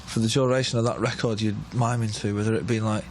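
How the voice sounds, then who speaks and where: A man's voice: on the low side, level tone, fast, slight background noise. A man talking in a chatty, conversational way in an interview.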